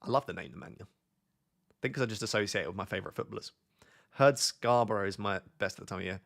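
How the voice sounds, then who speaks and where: A man's voice: lowish voice, fast talker, vocal fry, fairly bright tone. A young British man hosting a casual live stream, chatting and reading out questions from his viewers. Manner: chatty, reads chat questions aloud. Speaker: streamer host.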